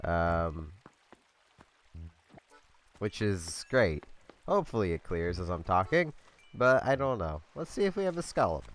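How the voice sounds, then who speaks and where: A man's voice: on the low side, sing-song, moderate pace. A congested man casually commentating his video game play in a chatty, meandering way. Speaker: let's play host.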